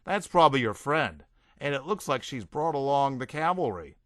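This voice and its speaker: A sly, confident mermaid woman, teasing and matter-of-fact, as a male narrator puts her on. The delivery is bright and lively in a dry, close recording. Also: mid-range voice, normal speed, dry recording.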